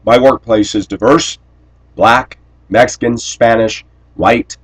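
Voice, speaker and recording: A man delivering a rambling personal monologue to camera, blunt and aggrieved, often clearing his throat. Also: mid-range voice, steady tone, slow pace, rough recording. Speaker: vlogger.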